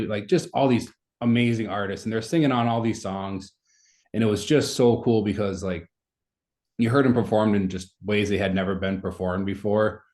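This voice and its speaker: A man's voice: lowish voice, a little mellow. A man in his thirties telling a story in casual conversation as a podcast guest, rambling with many fillers.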